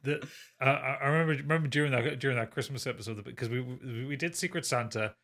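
A podcast co-host rattles through anecdotes, tripping over his words and swearing. His voice is bright and quick. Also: mid-range voice. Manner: rapid, stumbling, sweary storytelling. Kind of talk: casual banter.

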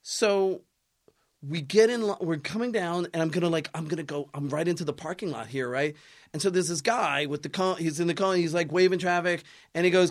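A man's voice: high voice, fairly quick. A man being interviewed as a guest, telling a funny story with lots of laughter and voices for other people. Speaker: guest, film producer. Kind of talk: animated storytelling in a podcast interview.

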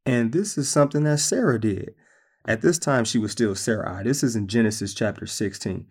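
A man preaching a sermon, retelling scripture stories in a conversational, animated way. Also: fairly low pitch, normal speed, slightly rough.

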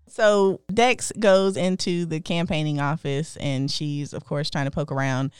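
A woman's voice: low-pitched, fairly even intonation, measured pace, clear, resonant tone, dry recording, studio quality. A woman hosting a casual podcast, retelling a story with giggles. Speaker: host.

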